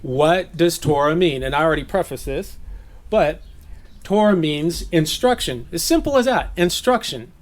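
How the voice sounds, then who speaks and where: A man's voice: fairly high pitch, expressive, moderate pace. A man raised in Southern California giving an informal, conversational Bible teaching, laughing at his own jokes.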